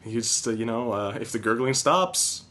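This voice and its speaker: A man's voice: medium pitch, expressive, normal speed, pushed and bright. A young man hosting a podcast in casual chat, ranting animatedly and swearing freely. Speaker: podcast host.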